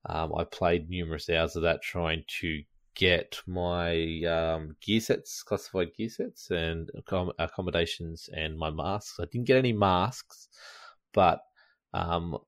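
A very deep-voiced man on a gaming podcast, talking in a relaxed, rambling way with plenty of ums and laughs. The sound is dry and close, with no room around it. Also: a little slow, no room sound. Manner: chatty, laughs often, frequent ums. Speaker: podcast co-host. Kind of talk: casual gaming chat.

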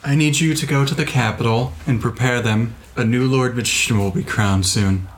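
A man's voice: mid-range voice, normal speed, a little hiss or hum, natural voice, low-quality recording. Weary male lord magician, played by a man, mild, hesitant, plain everyday voice.

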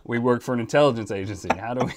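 A man co-hosting a casual chat who is playful and sarcastic, and quick to laugh. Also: mid-range voice, crowd noise. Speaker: podcast co-host.

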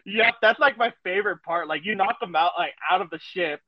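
An excitable man on a gaming podcast who talks in a high voice, laughs a lot and keeps saying "dude." His mic sounds dry and a little dull and lo-fi. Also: a little fast, no echo. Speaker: podcast co-host. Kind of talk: casual gaming chat.

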